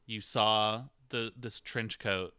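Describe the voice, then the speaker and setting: A man co-hosting a podcast keeps cutting in with teasing, prodding questions. His voice is low but bright and crisp, recorded close and dry with no room sound. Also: steady tone, no room sound. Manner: teasing, quick interjecting questions. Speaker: podcast co-host. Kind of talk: casual comedic banter.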